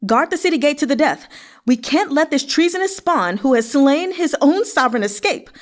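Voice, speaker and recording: A woman reading aloud, voicing a furious, scheming male guard commander who shouts and mocks. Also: high-pitched, animated, moderate pace, pitched above the performer's own voice. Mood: shouting. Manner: shouting, mocking.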